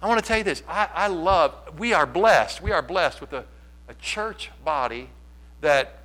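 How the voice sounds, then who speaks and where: A male pastor delivering a sermon to his church, his voice sitting a bit high with a bright, forceful edge. He preaches in an animated way, moving from loud, pressing lines to soft, quiet asides. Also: moderate pace.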